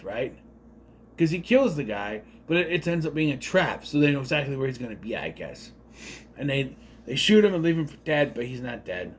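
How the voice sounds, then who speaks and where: A man's voice: medium pitch, slight background noise. A man giving a casual spoken movie review, rambling with unsure asides and self-corrections.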